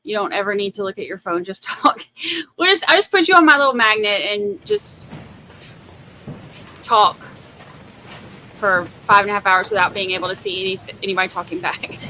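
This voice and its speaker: Lively, bright-voiced woman streamer. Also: mid-range voice, moderate pace, long pauses, slight background noise, rough recording. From Massachusetts. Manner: jokey, self-teasing, reads viewer comments aloud. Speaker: livestream host. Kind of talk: casual livestream chat.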